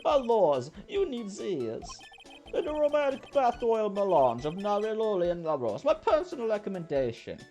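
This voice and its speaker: A man voicing a flamboyant, fussy male restaurant owner in a comic fake Italian accent, high and sing-song. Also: huge pitch swings, normal speed, dark tone, soft background music. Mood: theatrical. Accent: put-on comic Italian accent.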